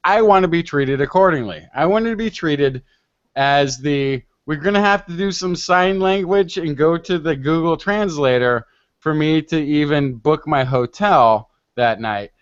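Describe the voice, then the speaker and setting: An American man who hosts a podcast, arguing in a lively, animated way and cutting in often. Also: on the high side, moderate pace, clear, resonant tone, no room sound. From United States. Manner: animated, argumentative, interrupting. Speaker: podcast host. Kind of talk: lively debate. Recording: dull lo-fi dry sound.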